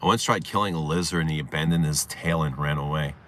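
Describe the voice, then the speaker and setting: Canadian male streamer, deep but bright voice, animated and laughing as he tells stories. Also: fast talker. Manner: animated, laughing often, swearing, acting out shouts. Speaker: livestream host. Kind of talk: casual storytelling chat.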